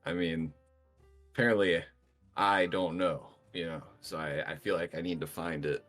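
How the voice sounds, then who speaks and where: Man, deep voice, casual swearing, tabletop player, faint background music. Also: fairly even intonation, normal speed, a bit bright. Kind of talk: playing a tabletop game, in character.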